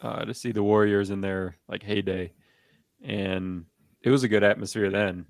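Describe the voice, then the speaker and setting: A man co-hosting a sports podcast, rambling in a relaxed way with lots of fillers and restarts. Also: on the low side, moderate pace, vocal fry, no echo. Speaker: podcast co-host. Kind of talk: casual sports chat.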